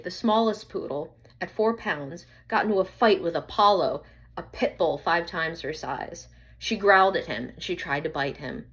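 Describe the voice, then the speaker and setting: A woman reading a children's story aloud in an earnest, slightly halting way. Her voice sits somewhat low for a woman, and the telling stays plain and steady. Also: slightly rough. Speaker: narrator.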